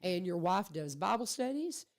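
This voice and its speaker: A woman hosting a radio show, chatting casually with her guest and telling animated stories. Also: lowish voice, moderate pace. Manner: chatty, animated storyteller who acts out quotes. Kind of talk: casual conversational interview. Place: radio studio.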